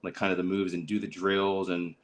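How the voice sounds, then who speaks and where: Rambling low-voiced man telling stories. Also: level tone, fairly quick, rough recording. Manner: rambling storyteller, many fillers and restarts, acts out quotes. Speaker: podcast host. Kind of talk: casual livestream chat.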